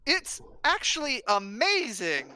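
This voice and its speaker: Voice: sits high, sing-song, slow pace, pushed and bright, smooth. A host in a casual online discussion over a video call, arguing points and restarting phrases while thinking them through.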